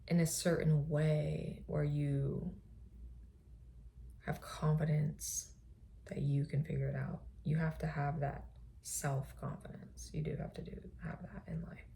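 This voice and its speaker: A woman talks slowly and thoughtfully in a personal monologue, her soft voice often dropping to a breathy whisper. The tone is warm and mellow, with a gravelly fry at the ends of phrases. Faint noise sits behind her. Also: deep voice. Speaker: podcast host.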